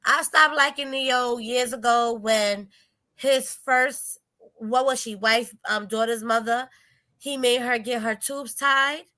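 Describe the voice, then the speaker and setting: A woman co-hosting a casual gossip chat, chatty and quick to chime in. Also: on the high side, steady tone, sharp tone. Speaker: podcast co-host.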